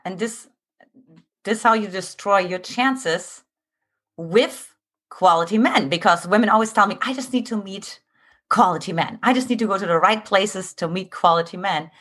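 A woman's voice: mid-range voice, moderate pace, a bit bright, husky. A woman hosting a podcast conversation, adding short affirmations and thoughtful remarks.

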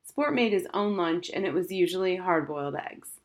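Audiobook narrator, woman, fairly low voice, steady expressive reading. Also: normal speed. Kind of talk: scripted narration.

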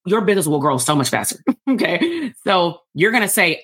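Woman, business coach for therapists, fired-up workshop delivery, slightly low voice, chatty and slangy. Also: moderate pace, slightly rough. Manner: energetic and animated, casual slangy asides; addresses the audience as "y'all". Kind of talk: live workshop teaching.

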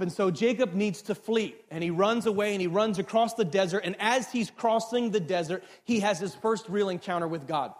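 A man preaching a sermon, retelling a story in a casual, joking way and talking straight to the congregation. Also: high voice. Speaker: pastor.

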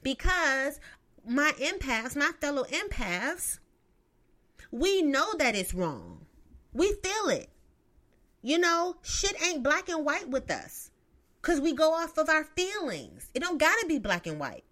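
Woman vlogger, aave, cussing and sassy, kinda high voice that jumps all over. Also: very animated, takes it slowly, bright, forceful tone. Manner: profane, emphatic, sassy asides. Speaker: vlogger giving relationship advice. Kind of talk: casual advice monologue.

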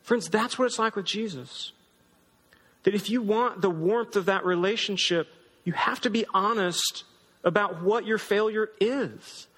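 A man's voice: high voice, measured pace, a bit bright. A man pastor preaching a sermon in a conversational, emphatic way. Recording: long hall reverb.

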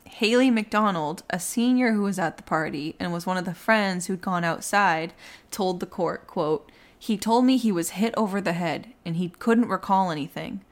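A young woman hosting a podcast, casually telling a true crime story and acting out the quotes. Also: moderate pace. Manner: animated, acts out quotes with rising pitch. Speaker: podcast host.

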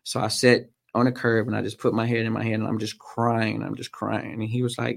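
A man, a podcast guest, telling a personal story in a halting way with frequent pauses and "um"s. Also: medium pitch, little pitch movement, gravelly. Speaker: podcast guest, motorcycle racer.

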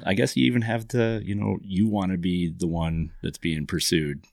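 A man's voice: deep voice, steady tone, moderate pace, gravelly, darkish tone, dry recording, studio quality. A man hosting a casual podcast interview who mostly offers short reactions. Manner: brief listening responses.

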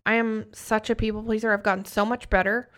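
A woman's voice: a little high, flat delivery, brisk, fairly bright tone. Candid, emphatic woman in her thirties. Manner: candid, emphatic, swears freely. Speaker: podcast host and business coach. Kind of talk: motivational casual talk.

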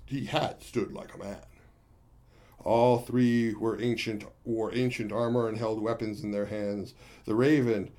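With a medium, slightly mellow voice and light acting, a man plays a gleeful, boastful monkey warrior recounting his own battle. He addresses his listeners as friends and clearly relishes his bragging.

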